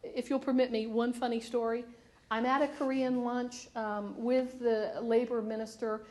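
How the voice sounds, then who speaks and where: A woman's voice: on the high side, level tone, normal speed, darkish tone. A woman on a panel telling a self-mocking story about her work travels, laughing as she goes. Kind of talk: anecdote on a panel. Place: conference hall.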